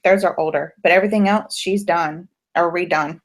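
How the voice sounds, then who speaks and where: A woman's voice: on the low side, a little fast. A woman from Florida, an author as interview guest, chatting casually and telling stories in a friendly way. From Pensacola, Florida. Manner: friendly, storytelling with lively quoted voices. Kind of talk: casual chat.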